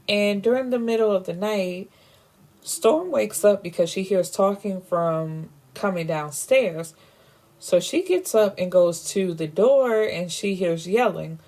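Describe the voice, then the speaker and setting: Recapping a novel in a relaxed way, this woman reviewer speaks in a lowish voice with a darkish tone. She performs the characters' dialogue and keeps saying "you know."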